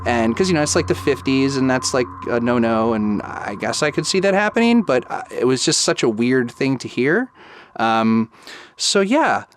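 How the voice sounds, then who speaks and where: A man's voice: medium pitch, normal speed, a little hiss or hum. A man in his thirties telling a personal ghost story in a casual way, acting out the quoted dialogue and using lots of "like". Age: 30s. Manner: lively retelling that acts out quoted dialogue, with many "like"s. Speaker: guest storyteller.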